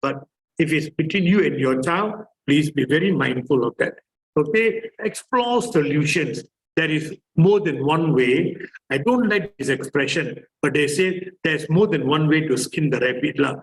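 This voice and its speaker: Malaysian english guy giving a talk, slightly high voice, rambly and chatty, lots of uh and lah. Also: animated, normal speed, low-quality recording. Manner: chatty, repetitive, full of fillers. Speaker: therapist. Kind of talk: conference presentation.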